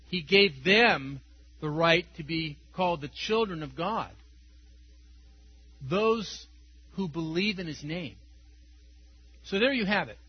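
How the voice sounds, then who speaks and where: Male preacher, high-pitched, slightly husky, chatty and chuckling, dull lo-fi sound. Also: a little hiss or hum. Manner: conversational, tells stories with chuckles. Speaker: pastor. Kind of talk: sermon.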